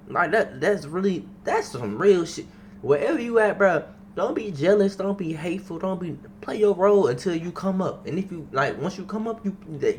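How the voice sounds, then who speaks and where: Animated young man reacting to a video. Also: a little high, slight background noise. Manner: animated, slangy, swears freely. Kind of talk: casual reaction commentary.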